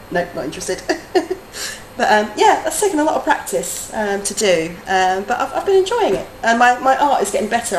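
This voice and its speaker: A woman who teaches adults chats casually through a game live stream, laughing often. Her talk drifts from soft murmurs to lively bursts. The room sounds roomy and echoing, with faint noise underneath. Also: mid-range voice.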